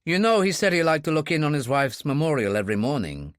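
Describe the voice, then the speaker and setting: A man's voice: fairly high pitch, big pitch swings, quick pace, dry recording, clean studio sound. A man voicing a cold, calculating male Russian agent who speaks curtly and with control.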